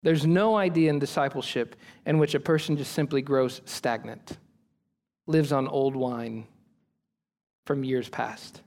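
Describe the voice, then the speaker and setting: A man's voice: mid-range voice, measured pace, a little mellow. A man preaching a sermon as pastor, earnest and emphatic, building on repeated phrases.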